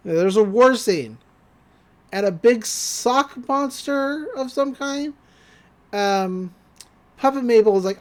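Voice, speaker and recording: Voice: mid-range voice, expressive, slow pace. A podcast host recapping a cartoon episode in casual chat, laughing often and acting out the characters' lines.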